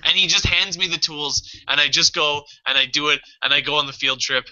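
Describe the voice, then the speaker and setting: A man co-hosting a podcast tells a story in loose casual chat, swearing freely and acting out his own past panic. His voice sits a little high and sounds bright and sharp. The recording is dull and lo-fi. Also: steady tone, fairly quick. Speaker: podcast co-host.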